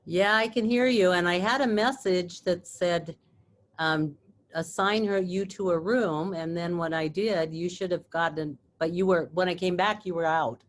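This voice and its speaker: A woman leading a group video call, talking someone through software trouble in a practical way. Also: lowish voice, normal speed. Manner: practical, sorting out software problems. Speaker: book study group leader. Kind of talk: casual talk on a video call.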